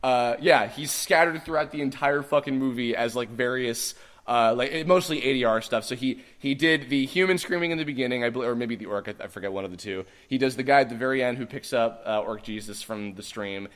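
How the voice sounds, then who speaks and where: A man's voice: mid-range voice, fairly quick. A man hosting a podcast, telling a story casually with lots of swearing and acted-out quotes. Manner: animated, swearing, acts out quoted voices. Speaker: podcast host.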